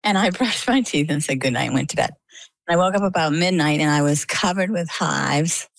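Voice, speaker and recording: A middle-aged woman from Maine tells her own story in an interview, acting out the voices of the people in it. Her voice sits low with a gravelly edge. The sound is dry and close. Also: a little fast, dry recording, low-quality recording. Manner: animated storytelling, acts out quoted dialogue. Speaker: interview guest.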